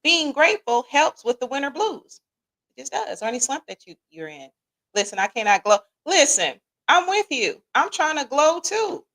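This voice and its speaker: Lively Midwestern woman chatting with her audience. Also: high voice, moderate pace. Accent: Midwestern American. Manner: lively, joking, talks to the chat. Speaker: podcast host reading live chat. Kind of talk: casual livestream chat.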